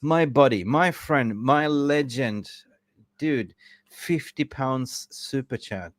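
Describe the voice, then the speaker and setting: A man's voice: medium pitch, slow, no room sound. Effusive male livestream host, dry sound. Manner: effusive, emotional, rambling. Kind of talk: casual live stream chat.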